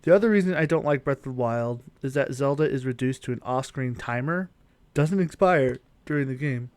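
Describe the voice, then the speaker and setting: In a dry recording, a young man with a mid-range voice talks fairly quickly as he streams a game. His live gameplay commentary mixes chatting to viewers, reading chat, and thinking aloud while playing.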